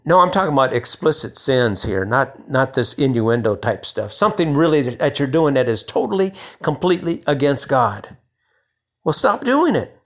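A man's voice: mid-range voice, sing-song, moderate pace. A man preaching a sermon in a conversational way, restarting phrases and building to emphatic bursts.

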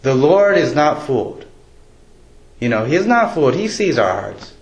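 A man's voice: fairly high pitch, sing-song, a little slow. A pastor giving a casual, conversational sermon, joking with his congregation in a church. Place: church sanctuary. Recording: echoey church room, faint ambience.

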